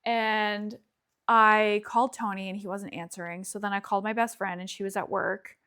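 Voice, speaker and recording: A woman telling a story in a casual chat, acting out what others said with lively quoted lines. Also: medium pitch, normal speed, smooth. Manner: animated storytelling, acts out quoted voices loudly; swears casually. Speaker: podcast guest.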